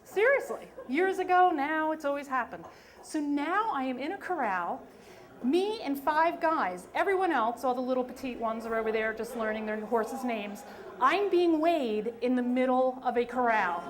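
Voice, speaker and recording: High-voiced woman telling a funny story. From New York. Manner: lively, self-mocking, emphatic. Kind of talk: live story slam telling. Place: stage at a live storytelling event.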